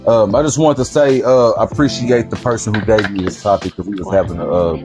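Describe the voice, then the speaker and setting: Laid-back slangy man, music behind. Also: on the low side. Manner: laid-back slangy talk, drawn-out phrases. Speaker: podcast host. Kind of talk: casual chat.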